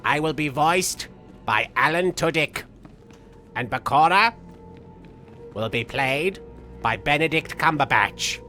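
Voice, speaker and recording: A man's voice: fairly high pitch, lively intonation, slow pace, long pauses, sharp tone, exaggerated voice. A man streaming a game in the persona of a vain, theatrical cartoon villain, reading chat aloud and joking. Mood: playful. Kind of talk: live game stream chat with in-character banter. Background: faint game music.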